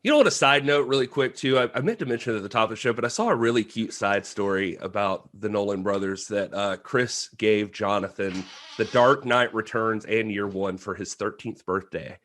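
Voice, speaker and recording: A man's voice: fairly low pitch, a little fast, few pauses, fairly bright tone. A man co-hosting a casual film discussion podcast, making playful, joking asides. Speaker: podcast co-host.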